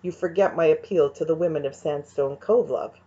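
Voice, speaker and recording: A woman's voice: low-pitched, brisk, warm tone, husky. A woman voicing a cocky adult male karate instructor who teases and boasts, from a dull recording. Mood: teasing. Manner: teasing, boastful.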